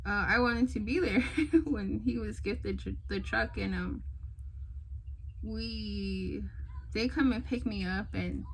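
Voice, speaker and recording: Young woman vlogging, chatty storytelling, lots of like and um, acts out everyone's lines, mid-pitched voice. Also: slow pace, gravelly, slightly rough, low-quality recording. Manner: animated, re-enacts others' lines, many fillers. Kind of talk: casual storytelling.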